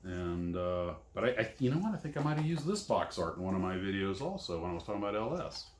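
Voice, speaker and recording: A man's voice: low voice, sing-song, fast talker. A man unboxing scale model kits in casual commentary, rambling and self-deprecating. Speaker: scale model kit reviewer. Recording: echoey room, faint noise.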